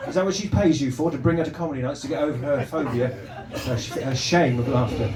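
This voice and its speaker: Heard from a distance in an echoey, noisy club, this stand-up comic does crowd work, ribbing the audience as he rambles and stammers into fresh starts. He has a mid-range male voice and a quick pace.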